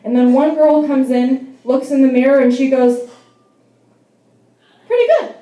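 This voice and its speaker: A woman's voice: high voice, level tone, moderate pace, warm tone, echoey room, rough recording. A young adult woman doing a stand-up comedy set in a bar, telling wry, self-deprecating stories. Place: bar venue.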